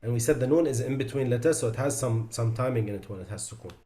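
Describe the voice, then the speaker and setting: A man's voice: medium pitch, fast, warm tone. Man teaching recitation mistakes. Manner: demonstrates sounds by reciting them, then drops his voice to correct them. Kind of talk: tajweed lesson.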